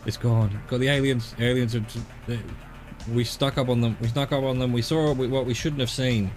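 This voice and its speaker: A man's voice: mid-range voice, steady tone, fairly quick, darkish tone, soft background music. Rambling playful male game streamer. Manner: rambling, playful, talks to himself and the scenery. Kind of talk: casual live-stream commentary.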